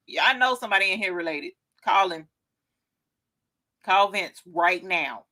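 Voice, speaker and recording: Gushing excitable woman host in her forties. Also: fairly low pitch, unhurried, pauses often. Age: 40s. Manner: talks straight to viewers as "y'all". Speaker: craft show host. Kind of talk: casual live-stream chat.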